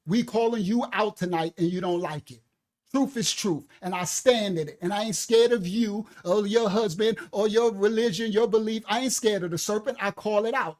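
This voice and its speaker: A minister preaching to a live audience, sternly scolding a commenter. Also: male voice, high-pitched, normal speed. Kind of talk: livestreamed preaching.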